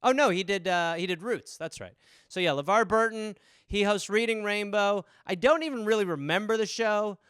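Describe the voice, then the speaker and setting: Man, comedy podcast host, solo riffing, self-deprecating, smooth clear voice, bright tone. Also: sits high, moderate pace, dry recording, studio quality. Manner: rambling, profane, self-deprecating, slips into silly voices.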